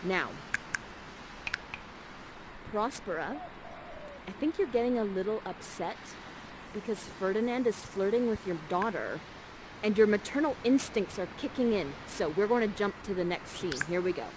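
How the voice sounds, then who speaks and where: A woman's voice: medium pitch, lively intonation, moderate pace, long pauses, noisy background. A woman playfully narrating and directing players through a live play, coaxing and jokey, on a headset mic. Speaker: immersive theater performer guiding players.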